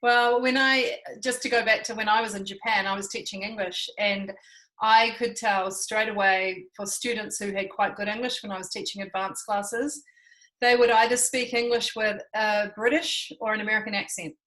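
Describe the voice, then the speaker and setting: A woman's voice: mid-range voice, fairly even intonation, normal speed, pushed and bright, rough recording. A woman with a New Zealand accent, chatting casually as co-host and laughing easily. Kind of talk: casual chat.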